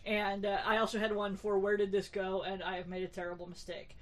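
A woman co-hosting a podcast in relaxed, wry chat. Her voice sits in a middle pitch, and she keeps going with plenty of fillers and self-corrections. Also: a little fast. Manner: chatty and wry, many fillers and restarts. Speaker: podcast co-host.

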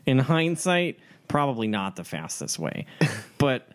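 A man's voice: mid-range voice, sing-song, unhurried. A man, a player in a tabletop game role-play, speaking in a wry, blunt way.

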